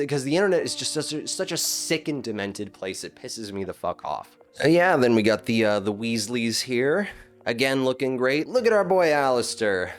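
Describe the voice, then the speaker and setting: Guy ranting, swears constantly, stumbles and repeats words, mid pitch, faint music behind. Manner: profane, heated, stammering restarts. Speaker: commentator. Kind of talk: casual ranting commentary.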